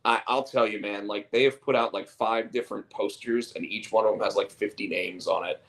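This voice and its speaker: A man's voice: fairly low pitch, fairly even intonation, brisk, fairly bright tone. A man hosting a casual chat show, rambling and repeating words as he tells stories. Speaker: podcast host and comic artist.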